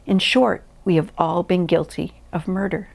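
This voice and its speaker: A woman preaching a sermon in an earnest, measured way, reading scripture and a story aloud. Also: on the low side, fairly even intonation, gravelly. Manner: earnest, measured teaching with pauses.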